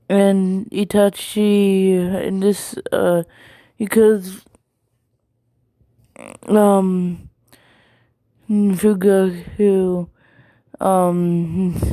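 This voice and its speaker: A woman's voice: lowish voice, warm tone, dry recording. A woman casually retelling a fan story, rambling with many ums and likes.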